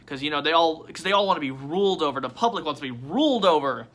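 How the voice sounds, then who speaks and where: A man vlogging casually at his desk, rambling and excitable with frequent swearing and restarts. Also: on the high side, fast talker. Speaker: toy unboxing vlogger.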